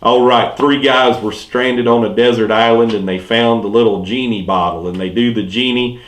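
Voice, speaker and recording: Southern US male pastor doing a light joke set, mid-pitched, quick delivery that drops low on punchlines, roomy echo. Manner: quick-switching joke telling, punchlines dropped low and quiet. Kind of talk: telling clean jokes and puns. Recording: echoey room.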